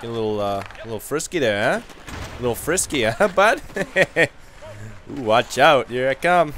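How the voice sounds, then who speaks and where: A man doing loud, taunting gameplay commentary, trash-talking in character as his hockey player. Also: medium pitch, moderate pace, a faint crowd, slight background noise. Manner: loud, taunting, animated and jokey. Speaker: gamer.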